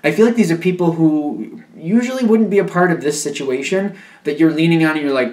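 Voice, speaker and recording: A man's voice: on the high side, brisk, hardly any pauses, a little mellow. A young man giving a casual tarot reading, talking in a loose, repetitive, conversational way. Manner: conversational, repetitive, acts out imagined voices of the listener. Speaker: tarot reader. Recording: echoey room.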